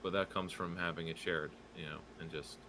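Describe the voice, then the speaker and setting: A man's voice: sits low, level tone, fairly quick, background noise. A man talking casually on a podcast, hesitant, with many fillers and restarts. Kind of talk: casual political podcast chat.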